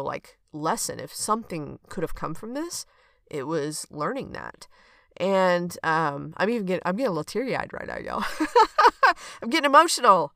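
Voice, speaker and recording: A woman's voice: deep voice, a bit bright, no room sound, studio quality. A woman hosting a reflective solo podcast, talking in an earnest, conversational way and often checking in with "okay?". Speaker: podcast host and coach.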